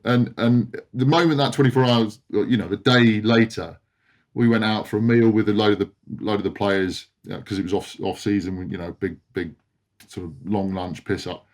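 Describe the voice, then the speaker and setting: Laughing, sweary male storyteller, fairly low voice. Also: moderate pace. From England. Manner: animated anecdote-teller, laughs often, swears, stumbles over words. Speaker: podcast guest, retired rugby player. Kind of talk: casual storytelling chat.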